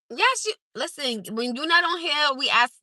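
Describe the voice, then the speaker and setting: Woman with for a car livestream, high bright voice, giggly and slangy, dry close phone sound. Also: no room sound. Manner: laughing often, slangy and animated. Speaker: livestream host. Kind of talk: casual live-stream chat. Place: in a parked car.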